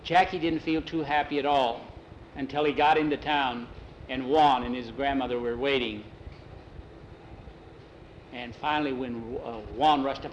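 A man telling a story from memory in a plain, unhurried way, tagging each line with "he says" and now and then restarting a phrase. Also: medium pitch, steady tone, muffled recording, slight background noise. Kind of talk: oral storytelling, told from memory.

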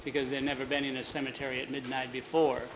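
A man telling a spooky cemetery story out loud, with occasional restarts, slipping into voices for the characters. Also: flat delivery, quick pace, background noise. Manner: unscripted retelling with restarts, lifts pitch for scared boys. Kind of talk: spoken storytelling, voicing characters.

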